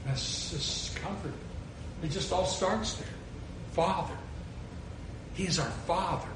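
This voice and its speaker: An older man preaching a sermon as pastor, animated and storytelling, acting out his own reactions. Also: sits high, moderate pace, background noise. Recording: echoey hall with faint ambience.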